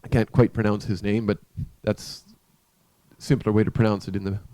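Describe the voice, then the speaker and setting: Male preacher, relaxed dark tone, close dry recording, chatty story delivery with restarts. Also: on the low side, dry recording. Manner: conversational, halting with restarts. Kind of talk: storytelling sermon. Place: church.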